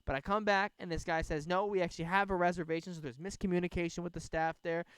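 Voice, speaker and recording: Smooth-voiced young man ranting outdoors. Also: sits high, quick pace, dry recording. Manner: rambling, profane, animated retelling. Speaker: podcast host. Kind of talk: casual storytelling chat. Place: outdoors by a bonfire. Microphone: podcast microphone.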